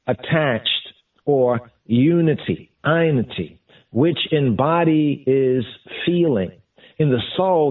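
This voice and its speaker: A man teaching scripture in a deliberate way, repeating and glossing each term as he goes. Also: mid-range voice. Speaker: Bible teacher. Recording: distant, phone-like lo-fi sound.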